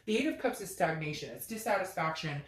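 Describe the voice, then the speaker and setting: A woman with a notably low voice talks through a tarot reading in a loose, chatty way. She is blunt, swears freely and acts out quick quoted voices. The sound has the ring of an echoey room. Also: lively intonation. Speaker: tarot reader. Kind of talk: casual tarot reading to camera.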